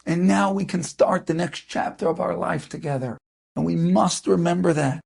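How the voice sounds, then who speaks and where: A man's voice: high voice, steady tone, moderate pace, creaky, slightly rough. A man, a rabbi, telling an inspirational story as a sermon in a dramatic, impassioned way. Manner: dramatic, rising to impassioned shouts.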